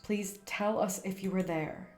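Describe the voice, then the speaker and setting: A woman voicing a calm, serious male occult guide from a game, speaking in a measured, instructive way. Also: mid-range voice, echoey room, soft background music, natural voice. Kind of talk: reading game dialogue aloud on stream.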